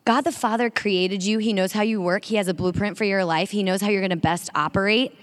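Give me a woman giving a lively sermon-style talk, calling out to her audience, in a hall with a long echo. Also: medium pitch, brisk. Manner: energetic, call-and-response with the audience. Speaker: speaker at a women's faith event. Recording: long reverb of a large hall.

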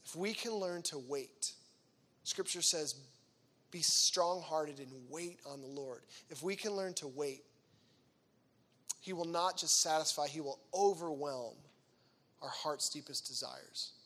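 A man in his thirties giving an energetic, chatty faith talk to teenagers, acting out the voices in the dialogue he quotes. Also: fairly high pitch, measured pace, long pauses. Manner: chatty and conversational, with frequent fillers. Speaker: youth speaker.

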